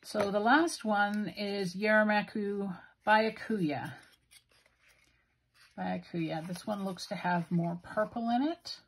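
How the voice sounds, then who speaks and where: A woman's voice: medium pitch, fairly even intonation, takes it slowly, slight background noise. A woman with a Western Canadian accent, musing aloud in a self-deprecating way as she swatches inks. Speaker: stationery video host. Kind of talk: casual narrated ink swatching.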